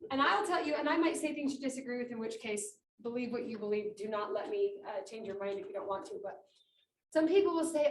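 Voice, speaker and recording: Woman conference speaker, animated and conversational, slightly high voice, roomy far-off sound with faint hiss. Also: fast. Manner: animated, acting out quoted speech. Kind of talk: inspirational talk. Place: meeting room with about twenty people. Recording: echoey room, mic far off, faint noise.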